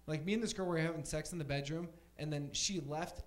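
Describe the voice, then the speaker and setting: A man's voice: on the high side, fairly quick. A young man doing a stand-up set on a comedy club stage, rambling casually and full of fillers.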